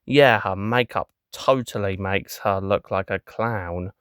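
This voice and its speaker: A man's voice: fairly low pitch, slow, fairly bright tone, clean tone, no room sound, clean studio sound. A man voicing a snooty teenage girl in a comic strip who mocks a classmate. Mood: snide. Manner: snide, dismissive.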